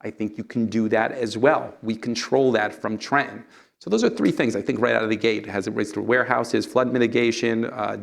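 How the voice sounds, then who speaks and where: A middle-aged man with a heavily gravelly voice answers a town hall question as a candidate for governor. He speaks at an ordinary pitch for a man. He argues his points emphatically, poses rhetorical questions and checks in with the crowd by asking "okay?".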